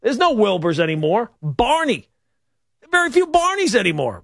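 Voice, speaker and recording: Animated, wry male radio host. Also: extremely high pitch, normal speed, vocal fry, no echo, studio quality. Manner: rambling, wry and riffing. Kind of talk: casual talk radio monologue.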